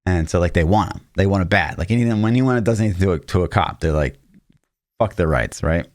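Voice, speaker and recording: A man's voice: low-pitched, fast talker. A man in his thirties, a podcast co-host, telling a long personal story in casual chat, acting out the lines of the people in it. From Missouri, US. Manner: animated anecdote-telling, acting out quotes with shouts.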